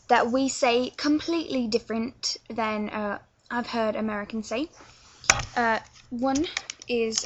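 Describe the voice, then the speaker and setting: The sound is lo-fi, and the voice is on the high side: a young English vlogger with a London accent loosely chatting her way through an accent tutorial, filling gaps with lots of filler words.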